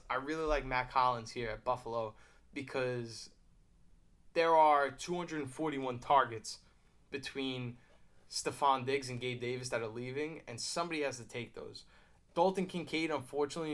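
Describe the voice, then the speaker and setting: A man hosting casual fantasy football commentary, thinking aloud with fillers and quick asides while drafting at his computer. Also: mid-range voice, a bit bright. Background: mouse clicking.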